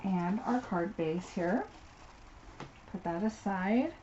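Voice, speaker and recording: A woman's voice: medium pitch, takes it slowly. A woman giving a live card-making tutorial, chatting and thinking aloud as she works at her desk. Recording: slightly dull audio with faint noise.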